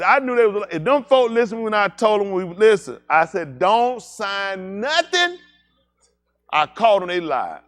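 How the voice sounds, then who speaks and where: A man preaches in a high, lively voice. He tells his stories with comic flair and jumps into squeaky voices for the people in them. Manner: animated, jokey, slips into high-pitched voices for characters. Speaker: pastor. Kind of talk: comedic storytelling sermon.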